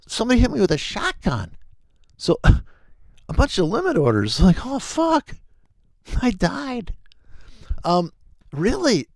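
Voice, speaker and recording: A man's voice: high voice, gravelly, a little mellow, dry recording, clean studio sound. A middle-aged man hosting a trading video, rambling in a profane, joking way. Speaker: forex trading video host. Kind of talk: casual rambling monologue.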